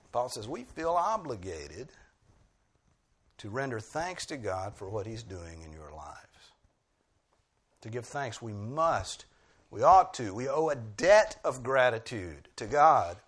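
A man's voice: medium pitch, big pitch swings, slow pace, long pauses, husky. A male preacher delivering an expository sermon, pressing key phrases with emphatic bursts.

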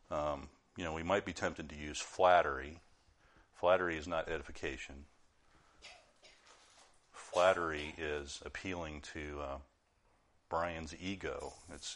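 A deep-voiced middle-aged man preaching to a congregation in a relaxed, conversational way. He stumbles through restarts and fillers, then leans hard on key words with a burst of volume. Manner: informal, many restarts and fillers, rises in volume for emphasis. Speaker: pastor. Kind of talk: conversational sermon.

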